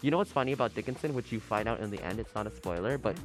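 A man's voice: fairly low pitch, expressive, racing, soft background music. A young man co-hosting a podcast, chatting casually in an upbeat way. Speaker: podcast co-host. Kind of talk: casual chat.

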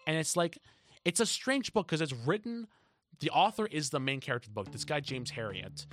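A man's voice: a little high, a little fast. A young man co-hosts a casual podcast. He rambles and restarts his sentences, and his voice rises and falls animatedly. Faint music plays underneath. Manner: rambling, restarts often, lively. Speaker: podcast co-host. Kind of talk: casual chat.

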